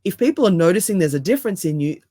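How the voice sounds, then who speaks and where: A woman with a deep voice, a hypnotherapist and coach speaking as a podcast guest with calm, emphatic, repeated phrases. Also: rapid-fire, breathy edge, no room sound, studio quality.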